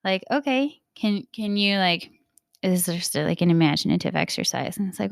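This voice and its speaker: A young adult woman, a Catholic mindset coach and podcast host, talking casually and reflectively, animated and laughing often as she acts out bits of dialogue. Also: fairly low pitch, normal speed, vocal fry, no room sound, clean studio sound.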